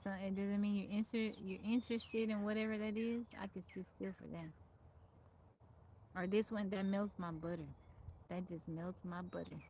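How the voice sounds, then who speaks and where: A woman hosts a relaxed livestream, mulling over old country sayings and welcoming viewers one by one. Her voice sits at an ordinary middle pitch, with a faint hiss of noise behind it. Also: moderate pace. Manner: reads out folksy sayings and greets viewers by name. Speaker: livestream host. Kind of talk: casual livestream chat.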